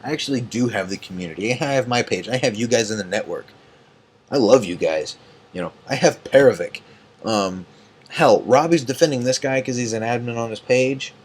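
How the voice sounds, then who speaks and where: A man's voice: medium pitch, expressive, normal speed. A tired man ranting late at night as an online group admin, angry and profane, rambling with many fillers. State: tired and yawning.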